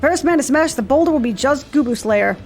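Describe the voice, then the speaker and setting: Woman reading as a gruff sea captain boss. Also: high-pitched, expressive, fairly quick, darkish tone, faint music behind. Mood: bossy. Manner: rough pirate-style talk, half-hearted accent.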